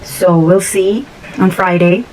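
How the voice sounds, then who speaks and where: Hoarse middle-aged woman chatting candidly. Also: lowish voice, steady tone, slow pace, darkish tone, slight background noise, low-quality recording. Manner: rambling and candid, with frequent restarts. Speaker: vlogger. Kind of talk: casual chat.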